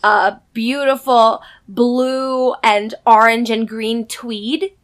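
A woman hosting a casual chat, chatty, with quick interjections and questions. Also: fairly high pitch, fairly even intonation.

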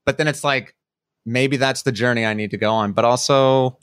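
A man's voice: medium pitch, normal speed, fairly bright tone, smooth, no room sound, clean studio sound. A man from Washington state, a podcast guest in casual chat, joking and self-deprecating.

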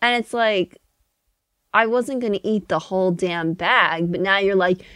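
A woman's voice: mid-range voice, fairly even intonation, unhurried, fairly bright tone, no echo. Frank, swearing woman, dry mic. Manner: frank, swears casually, laughs easily. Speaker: podcast co-host. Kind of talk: casual chat.

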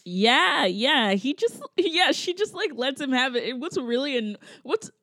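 A woman's voice: high voice, big pitch swings, a little slow, sharp tone, no echo. Woman, casual podcast chat, laughs a lot, dry close sound. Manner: chatty, laughs often, lots of fillers. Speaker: podcast co-host.

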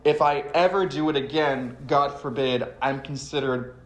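A man in casual podcast chat as a guest, animated and swearing freely, slipping into exaggerated voices when quoting people. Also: medium pitch, normal speed. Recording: roomy echo.

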